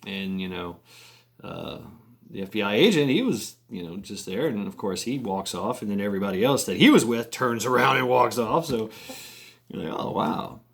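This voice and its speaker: A man's voice: fairly low pitch, animated, moderate pace, breathy edge. A man telling a long story in a casual, rambling way, with many restarts and chuckles.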